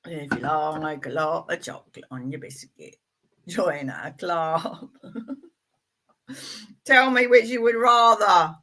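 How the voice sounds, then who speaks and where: A middle-aged woman leading a live tarot session in a relaxed, rambling way, full of playful asides. Her voice sits fairly low for a woman but has a bright, forceful edge. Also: slow, pauses often. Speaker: tarot reader. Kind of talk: casual live-stream reading.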